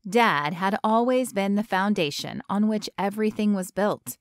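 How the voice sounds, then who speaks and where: Woman, audiobook narration, measured reading, dry close mic. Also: medium pitch, expressive, no room sound.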